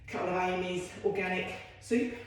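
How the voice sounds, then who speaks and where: A woman's voice: lowish voice, steady tone, a little fast, slight background noise. A woman leading a home workout as a fitness instructor, chatty and encouraging with self-deprecating asides. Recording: very echoey room.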